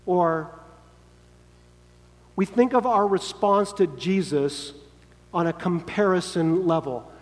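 A man's voice: high voice, takes it slowly, pauses often. A man preaching a sermon in an earnest, emphatic way, sometimes acting out quoted lines. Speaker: pastor. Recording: long hall reverb.

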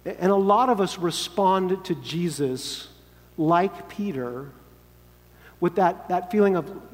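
A man's voice: sits high, slow pace. A man preaching a sermon in an earnest, emphatic way, sometimes acting out quoted lines. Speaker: pastor. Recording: long hall reverb.

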